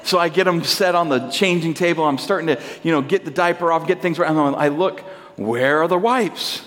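Animated pastor in a reverberant hall. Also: male voice, brisk. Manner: animated storyteller, acting out his kids in a high voice. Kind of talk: sermon with a personal story. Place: church hall.

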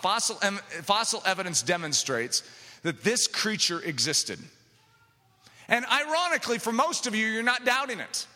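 Male preacher, high bright voice, animated delivery, big reverberant hall. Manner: impassioned, builds to shouting. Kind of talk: sermon.

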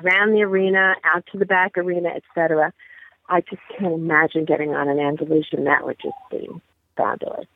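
A woman with a New York accent, chatting as a listener guest on a podcast roundtable, enthusiastic and full of quick exclamations. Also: low voice, fairly even intonation, vocal fry, dry recording. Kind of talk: casual roundtable chat. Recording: tinny phone-line audio.

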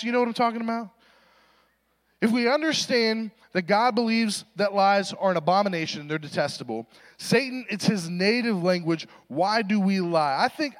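A young adult man with a high, fairly bright voice delivers a sermon, telling a funny story and acting out voices in a self-deprecating way. The recording was made in a reverberant hall.

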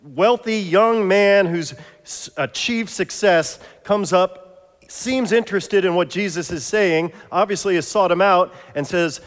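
Playful pastor, high voice, hall reverb. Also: male voice, unhurried. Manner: playful, jokey, coaxing volunteers. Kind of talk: interactive sermon. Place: church sanctuary.

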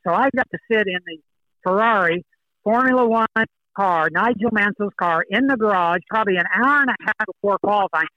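A man's voice: sits high, brisk, dry recording, highs cut off. Older man telling golf stories. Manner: storytelling, animated. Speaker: guest golfer. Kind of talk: podcast interview.

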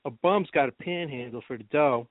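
A man's voice: medium pitch, normal speed, no echo. Podcast host, male, casual storyteller, phone-quality dry sound. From New Jersey. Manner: rambling storyteller, laughs often. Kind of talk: casual chat.

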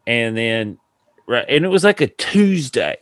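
On a dry recording, a podcast host with a mid-range, unhurried voice wanders through a long, funny anecdote. It's casual storytelling: he laughs, gets animated, and acts out each person with their own quoted voice.

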